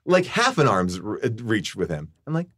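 A man's voice: fairly low pitch, moderate pace. A man telling a long, rambling story as a podcast guest. His voice jumps all over its range as he acts out the lines of each person in the story. He keeps saying "like" in a casual, loose way of talking. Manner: animated, rambling, heavy use of "like", acts out quoted lines. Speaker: podcast guest, comedic actor.

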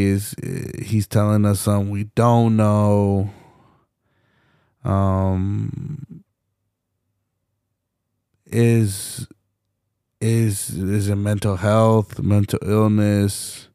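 A young man talks slowly and low on his solo podcast, his voice rough with fry. He rambles with passion through fillers and restarts and swears freely. The sound is close and dry. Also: little pitch movement, warm tone, no room sound. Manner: swears often. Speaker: podcast host.

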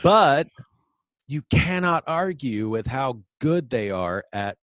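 A man co-hosting a casual talk show, speaking in a relaxed, hesitant way with many fillers. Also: medium pitch, slow pace, no room sound, studio quality. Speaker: podcast co-host. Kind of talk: casual conversation about preaching.

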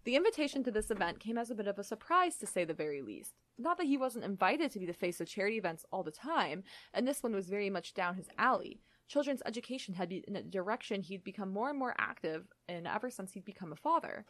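A young woman reading a story aloud and chatting in between, talking fast with lots of "like". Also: medium pitch, big pitch swings, no echo. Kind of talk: reading fan fiction aloud and casual chat.

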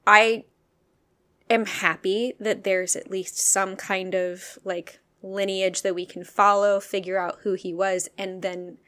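A woman podcast co-host chatting casually with a mid-pitched voice. She is excitable and jokey, and she quickly apologizes with a laugh. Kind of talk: casual chat.

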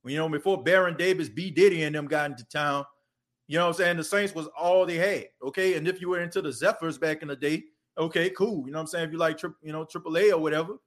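A man's voice: fairly high pitch, quick pace. A man hosting a casual sports podcast, talking loosely and conversationally and using lots of filler phrases. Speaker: podcast host.

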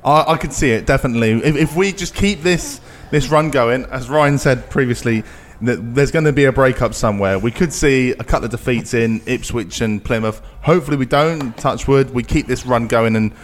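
A man's voice: mid-range voice, fairly quick, hardly any pauses, slight background noise. A man appearing as a guest fan on a pub podcast, talking enthusiastically. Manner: upbeat, enthusiastic. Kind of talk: casual pub chat.

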